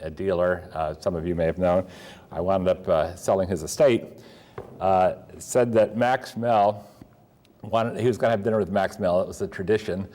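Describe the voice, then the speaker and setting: A man's voice: deep voice, fairly even intonation, normal speed, warm tone. An older man from Pennsylvania, a coin dealer telling rambling stories with many fillers and restarts. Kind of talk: storytelling talk.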